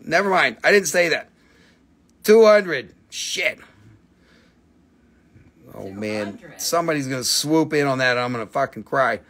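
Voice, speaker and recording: A man's voice: medium pitch, animated, unhurried, long pauses, a bit bright. A man hosting a live crystal sales stream, joking crudely, swearing and calling out prices like an auctioneer. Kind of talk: casual live-stream selling chat.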